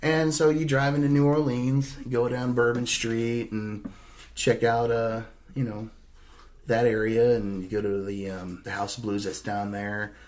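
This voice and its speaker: On his podcast, a young adult man recounts a road trip in a loose, meandering, foul-mouthed way, chuckling through each anecdote. His voice is mid-range and level in tone, a little slow and a little mellow.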